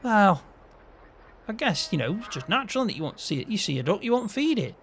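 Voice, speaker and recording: A man's voice: sits high, big pitch swings, fast, a bit bright, a little hiss or hum. A man playing a farm hand in a game role-play, chatting to himself and laughing often.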